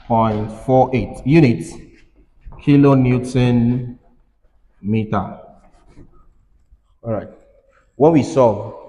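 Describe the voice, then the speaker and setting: A man's voice: mid-range voice, a little mellow. A male engineering lecturer teaching a classroom lecture, repeating himself and urging students to listen. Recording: reverberant hall.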